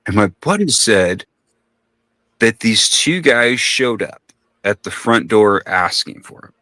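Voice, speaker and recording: A man's voice: lowish voice, expressive, takes it slowly, sharp tone, dry recording. A man telling a long story in casual podcast talk, rambling and profane, acting out the voices of the people in it.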